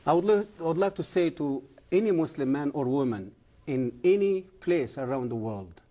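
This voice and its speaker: A middle-aged man speaks as a TV interview guest, his English halting and earnest. His voice sits fairly high for a man yet sounds dark and mellow. He leans into key words with emphatic conviction. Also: animated. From Egypt. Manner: earnest, emphatic, halting non-native grammar. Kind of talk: testimony and preaching on a TV interview.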